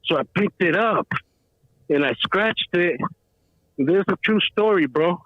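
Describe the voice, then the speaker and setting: A man's voice: high voice, expressive, a little slow, dry recording. A man calling into a show, telling a story in a rambling, slangy way, saying bro a lot. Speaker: caller. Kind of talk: casual storytelling. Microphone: phone call. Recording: tinny phone line.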